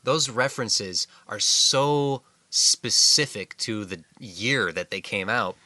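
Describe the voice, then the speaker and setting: A man co-hosting a podcast, talking through a film in a measured, analytical way during casual discussion. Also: fairly low pitch, animated, pushed and bright, no echo. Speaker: podcast co-host.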